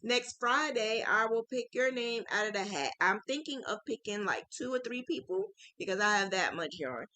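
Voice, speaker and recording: A woman chatting to her viewers about crochet, chatty and excitable, often saying "like" and "oh my God". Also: fairly high pitch, normal speed, few pauses, no room sound, poor audio. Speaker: crochet vlogger. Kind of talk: casual chat to viewers.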